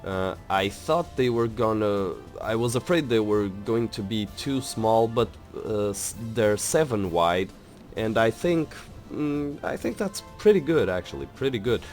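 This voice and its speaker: A man's voice: lowish voice, a little slow, faint music behind. A young man hosting a building game video, talking in a rambling, hesitant way with many fillers and restarts. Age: young adult. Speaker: let's play host. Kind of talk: casual gameplay commentary.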